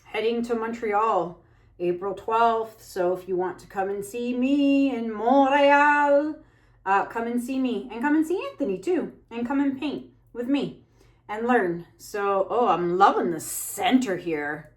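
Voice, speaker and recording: A woman's voice: a little high, measured pace. A woman chatting casually while she paints, venting anxiously in a rambling way with many fillers. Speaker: fluid art painter and channel host.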